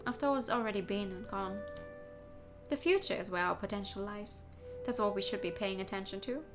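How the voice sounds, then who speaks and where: A woman voicing a suave male fox private investigator with smooth, courteous and slightly theatrical manners, over faint background music. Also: mid-range voice, a little fast, lightly acted.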